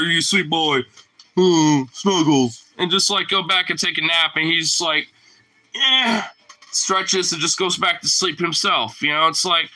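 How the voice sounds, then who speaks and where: A man talking in a casual, rambling monologue, slangy and profane and full of fillers, moving between loud outbursts and low mutters. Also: poor audio.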